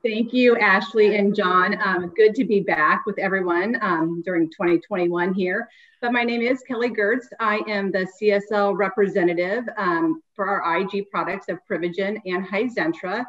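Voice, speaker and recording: A woman's voice: medium pitch, moderate pace, fairly bright tone. A woman giving a short, friendly sponsor message as a company representative. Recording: dull lo-fi video call audio.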